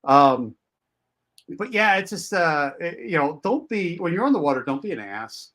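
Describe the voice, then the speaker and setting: A man's voice: fairly high pitch, big pitch swings, moderate pace, fairly bright tone. A man co-hosting a podcast, chatting casually with loose, restarting sentences. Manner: loose and conversational, with many restarts. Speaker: podcast co-host. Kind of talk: casual chat.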